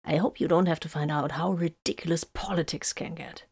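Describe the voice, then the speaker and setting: A woman's voice: low voice, steady tone, a little fast, gravelly, darkish tone, husky, no room sound, full character voice. A woman voicing a commanding officer who gives clipped, urgent orders in an audiobook.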